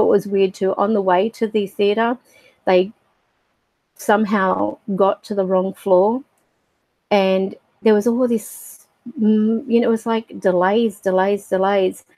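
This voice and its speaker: Slow-talking woman, dry sound. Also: medium pitch, fairly even intonation, darkish tone, no room sound, rough recording. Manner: halting, reflective, emotional, with many fillers. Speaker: spiritual livestream host. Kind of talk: personal storytelling on a livestream.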